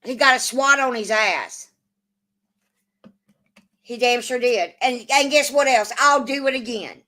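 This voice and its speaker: A woman's voice: on the high side, takes it slowly, bright, forceful tone. A woman hosting a casual livestream, swearing often and arguing back at her chat. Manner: profane, combative, answers chat. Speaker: livestream host.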